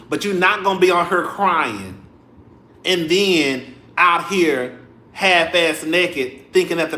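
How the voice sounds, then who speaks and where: A young man giving sassy, animated commentary straight to his viewers in a casual vlog, full of cussing. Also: high-pitched, echoey room. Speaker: vlogger. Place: home room.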